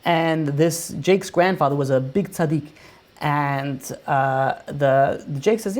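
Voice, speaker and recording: A man's voice: on the high side, slow, a little mellow. A man, a rabbi, telling a story in a casual way, full of "you know" and "like" fillers. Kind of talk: oral storytelling.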